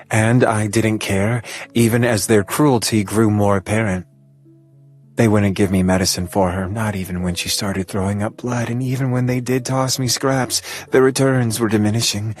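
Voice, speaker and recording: A guarded young woman carrying grief, confessing in a quiet, halting way, as a man reads her part. The voice stays husky and lowish. It is storybook audiobook reading.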